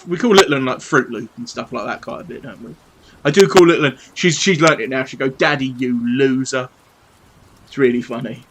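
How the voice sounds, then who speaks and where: Fast and a bit bright, a medium-pitched British man chats cheekily while painting models on a live stream from his home desk. He's in his thirties and swears playfully; the recording is low quality with slight background noise.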